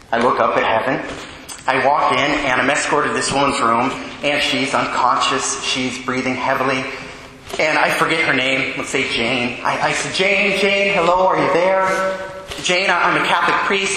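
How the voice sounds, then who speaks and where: A high, bright-voiced man preaches as a Catholic priest, telling a personal story in an animated way. He acts out his own thoughts and what others said. His voice rings through a big echoey hall with long reverb. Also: a little hiss or hum. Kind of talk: storytelling homily.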